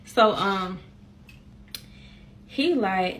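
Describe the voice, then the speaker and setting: A woman's voice: a little high, slow pace, long pauses, slight background noise. A woman telling a personal story in a casual chat to her viewers, talking straight to them and acting out the dialogue as she goes. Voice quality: animated, African American Vernacular English phrasing. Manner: chatty, addresses viewers as y'all, acts out quoted dialogue.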